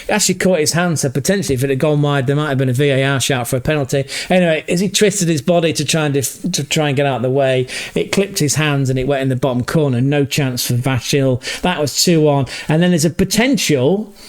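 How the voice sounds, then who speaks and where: A man's voice: a little high, fast talker, hardly any pauses. A man casually recapping a football match as a podcast host, chatty and self-correcting, laughing as he stumbles over foreign player names.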